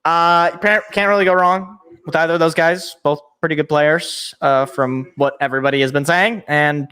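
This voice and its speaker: Young man, high voice, excitable, rambling live sports reaction, thinks out loud. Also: moderate pace, few pauses, smooth. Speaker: sports show host. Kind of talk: live draft reaction commentary.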